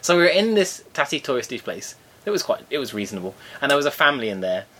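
Lively, wry man. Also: mid-range voice, fast talker. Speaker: podcast co-host. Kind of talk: casual chat.

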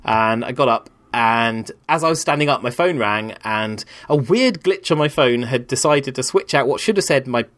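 A man's voice: medium pitch, lively intonation, moderate pace, hardly any pauses, fairly bright tone. A man in his thirties, a rambling and candid storyteller in casual conversation on a podcast.

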